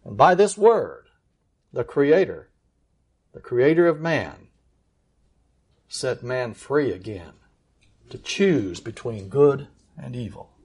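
A man preaching a sermon in an earnest, emphatic way, slowing down to stress key words. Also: mid-range voice, very animated, a little mellow, slightly rough.

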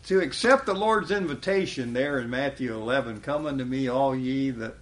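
A man's voice: medium pitch, normal speed. A man preaching a sermon in a folksy way, chuckling often and quoting scripture with rising emphasis.

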